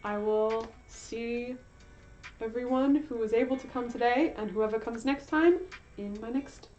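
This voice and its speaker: A woman's voice: on the high side, measured pace, a little mellow. A young woman chatting casually to her stream while she draws, rambling with lots of fillers and giggles. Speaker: art streamer. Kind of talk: casual chat while drawing. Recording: dull lo-fi stream audio with faint music.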